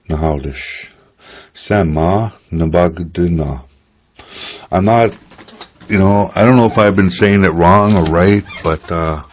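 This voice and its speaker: A man leads a relaxed spoken language lesson, slowly sounding out words one syllable at a time. His voice is deep and a little husky, with casual "eh?" asides. The audio is narrow and phone-like. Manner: slow, patient, repeats words syllable by syllable; chatty asides ending in "eh?". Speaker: language teacher.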